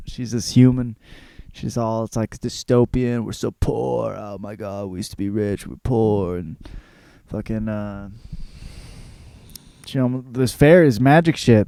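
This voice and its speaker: A man with a gravelly, dark, mellow voice, recorded very dry and close. He rambles through a crude, self-mocking comic monologue, full of fillers, restarts and cursing. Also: mid-range voice, no echo. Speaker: podcast host. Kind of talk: casual rambling comedic monologue.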